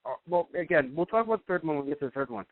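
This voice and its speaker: A young man hosting a casual review chat, rambling and animated. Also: a little high, racing, vocal fry, no room sound. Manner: animated, rambling, slips into mocking impressions. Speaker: podcast host. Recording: dry, tinny phone-like sound.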